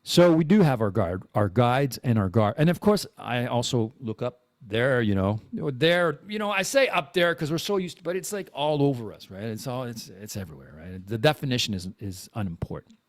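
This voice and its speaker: Male podcast host, mid-pitched, lively intonation, rambling off-the-cuff monologue, dry recording. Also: moderate pace, no echo. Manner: rambling and animated, with many restarts and repeated words. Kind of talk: casual live-streamed monologue.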